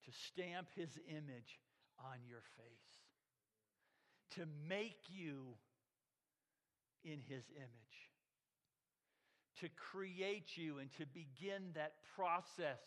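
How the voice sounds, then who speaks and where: A man preaching a sermon, emphatic and measured, sometimes dropping his voice very low. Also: a bit bright, in a large hall. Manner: slow, emphatic preaching that drops to a near whisper. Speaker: pastor.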